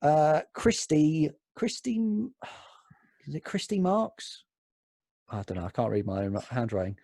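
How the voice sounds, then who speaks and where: Husky man chatting on a podcast. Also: fairly high pitch, expressive, a little slow, warm tone, no echo, studio quality. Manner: swearing, reads comments aloud. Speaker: podcast co-host. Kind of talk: casual chat.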